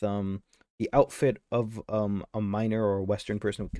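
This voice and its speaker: A man's voice: lowish voice, level tone, moderate pace, dark tone, no echo, studio quality. A man streaming a game live, reading its dialogue aloud and chatting between lines, easily sidetracked.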